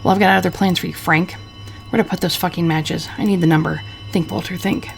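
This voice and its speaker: A woman voicing a crude, drunken, scheming husband from the 1940s, talking gruffly and cursing. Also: fairly low pitch, steady tone, brisk, soft background music. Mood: grumbling. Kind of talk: reading game dialogue aloud.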